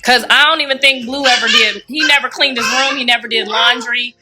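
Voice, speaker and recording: A woman's voice: fairly high pitch, steady tone, a little fast, heavy background noise. A middle-aged woman with a froggy, Kermit-like voice, chatting animatedly to viewers on a livestream and laughing often. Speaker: livestreamer and mother. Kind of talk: casual livestream chat.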